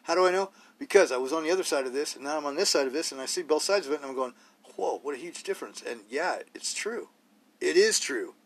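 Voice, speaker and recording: A man's voice: on the high side, lively intonation, fast talker. A man hosting a solo podcast, talking bluntly and rawly in a rambling way, full of rhetorical questions. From Idaho, US. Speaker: podcast host.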